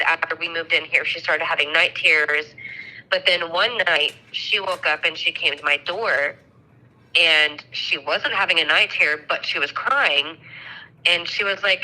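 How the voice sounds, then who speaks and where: A woman's voice: on the low side, bright, forceful tone, low-quality recording. A woman in her thirties casually telling a story, chatty, swearing freely and acting out the dialogue. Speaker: mother telling a ghost story.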